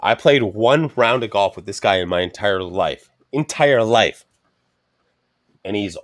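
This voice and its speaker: A man with a lowish voice spins long, profanity-laced stories in loose podcast chat, acting out the other people's lines as he goes. The sound is dry and close, with no room around it. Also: animated, a little slow, no echo. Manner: profane, rambling anecdotes with frequent swearing; acts out quoted speech of others. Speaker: podcast co-host. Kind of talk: casual chat, storytelling.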